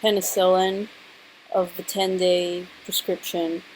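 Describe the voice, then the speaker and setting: A woman's voice: fairly low pitch, little pitch movement, slow pace, a little mellow, slight background noise, poor audio. A young woman vlogger with a sore throat, telling a story in a chatty, dramatic way and saying "like" a lot. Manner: chatty and dramatic, heavy use of "like". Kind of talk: casual storytelling to camera.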